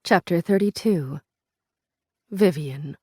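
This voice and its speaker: A woman narrating a first-person novel in an audiobook, with a bright, expressive reading. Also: fairly low pitch, takes it slowly, slightly rough, no echo, clean studio sound.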